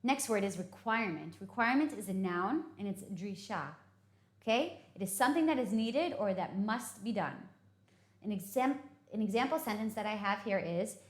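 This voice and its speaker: A woman teaching English vocabulary, explaining patiently and often checking in with "okay?". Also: mid-range voice. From United States. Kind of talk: vocabulary lesson. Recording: echoey room.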